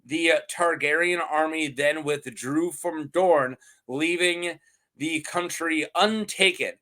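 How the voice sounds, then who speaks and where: A man's voice: fairly high pitch, slow pace, sharp tone. A man hosting a lore channel, chatting casually and animatedly, rambling and laughing often.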